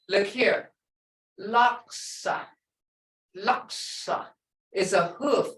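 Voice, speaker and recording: A woman's voice: fairly high pitch, distant mic. Patient woman teaching, echoey and off-mic. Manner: patient, repeats words slowly to show tone. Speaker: language teacher. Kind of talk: classroom language lesson.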